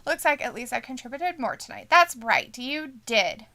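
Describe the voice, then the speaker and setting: A woman's voice: high-pitched, sing-song, moderate pace, bright, forceful tone. A woman co-hosting a casual live watch-along stream, reading viewer comments aloud, laughing often and swearing casually. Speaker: stream co-host.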